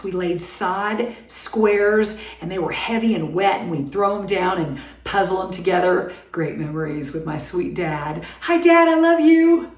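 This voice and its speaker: Speaking from her kitchen, a middle-aged woman with a Southern American accent hosts a home cooking show in a cheerful, chatty, folksy manner. Her voice is fairly low and reverberant.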